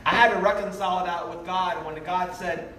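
A man's voice: sits high, fairly even intonation, pushed and bright. Earnest preacher man, distant and roomy. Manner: earnest, pleading, tender, drawn-out phrases. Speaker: revival preacher. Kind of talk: emotional sermon. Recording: roomy, distant live sermon audio with faint noise.

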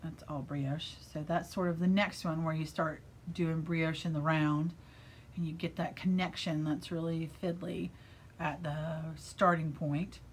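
A woman's voice: deep voice, fairly even intonation, measured pace, a little hiss or hum. Bubbly American woman gushing about knitting. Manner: bubbly and gushing, with breathy asides. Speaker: yarn shop owner and vlogger. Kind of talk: casual chat about knitting. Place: her yarn shop.

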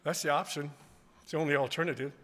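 A man preaching a revival sermon in a church, swinging from quiet asides to loud, emphatic declarations. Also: a little high, steady tone, fast talker. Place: church sanctuary. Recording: long church hall reverb.

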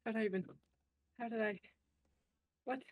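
A man's voice: high voice, steady tone, normal speed, no echo, phone-quality sound. A man chatting casually with a friend during a game, laid-back and bemused. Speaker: co-player. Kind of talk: casual gameplay chat.

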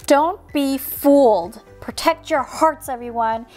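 A woman's voice: high-pitched, slow pace, darkish tone, faint music behind. A woman hosting a toy unboxing video, narrating in a silly, playful way and making sound effects.

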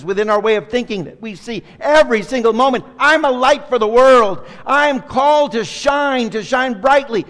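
A middle-aged man preaching a sermon as pastor, swinging between hushed and loud, impassioned delivery. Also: high-pitched. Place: church sanctuary. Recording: long hall reverb.

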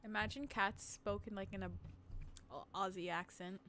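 A woman's voice: medium pitch, steady tone, normal speed, pushed and bright, a little hiss or hum. A woman streaming a game, chatting casually in a playful, giggly, teasing way. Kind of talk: casual gaming stream chat.

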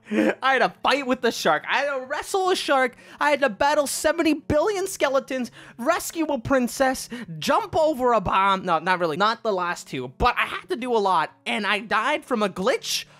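An excitable woman narrating her own gameplay, her voice leaping up and down in pitch. She panics, jokes and chatters playfully as she plays. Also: moderate pace, no echo. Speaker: gaming YouTuber. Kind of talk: playing a game and commenting.

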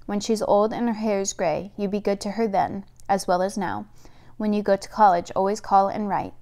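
A woman reading a low-voiced grieving mother. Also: normal speed, a little mellow, natural voice. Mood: earnest. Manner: low, confiding. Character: sorrowful older mother who lost her son.

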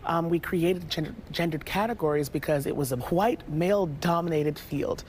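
A stage actor answering interview questions in a playful, expressive way. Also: mid-range voice, normal speed, a little hiss or hum.

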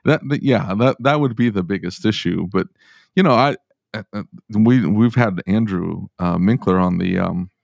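Male podcast host, low-pitched, playful teasing banter, dry close mic. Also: moderate pace, creaky, darkish tone, dry recording. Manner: jokey, teasing, many restarts. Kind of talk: casual chat and scripted outro.

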